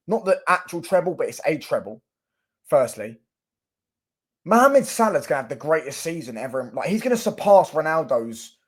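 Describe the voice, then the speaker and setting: A young man rants about football in casual vlog commentary, with a slightly high-pitched voice. He repeats himself and swears freely. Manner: ranting, repetitive, swears freely. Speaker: football fan vlogger.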